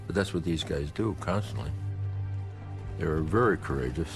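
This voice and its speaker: A man's voice: rumbling low, expressive, normal speed, soft background music. A man interviewee speaking earnestly and admiringly.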